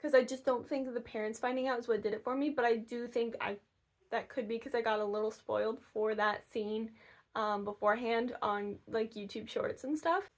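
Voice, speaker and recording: Young woman, high voice, chatty book vlogger, gushing and excitable. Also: moderate pace. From Michigan, USA. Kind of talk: casual reading vlog chat. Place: camper.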